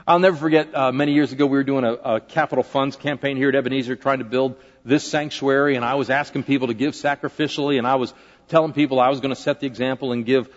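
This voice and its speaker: A man's voice: medium pitch, steady tone, fast. A man, a pastor, preaching a conversational sermon in a large church sanctuary, often asking the congregation questions. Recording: dull lo-fi recording with long hall reverb.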